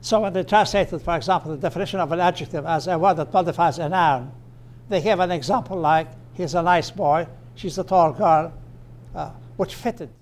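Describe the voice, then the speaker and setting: A man with a fairly high voice lectures on grammar. He slows down and stresses each example phrase, then explains it with small fillers and restarts. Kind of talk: recorded lecture.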